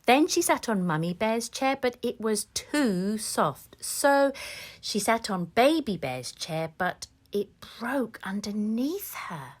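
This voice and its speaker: A woman's voice: a little high, sing-song, slow pace. A woman telling a children's story in a patient, playful way, dodging the listener's questions. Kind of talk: storybook reading.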